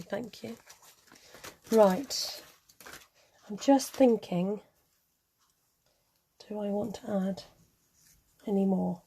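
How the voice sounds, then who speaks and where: Slow-talking woman chatting while crafting. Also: mid-range voice, warm tone, slightly rough. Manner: chatty, muttering to herself, giggly. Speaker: craft vlogger. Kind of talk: casual chat while crafting.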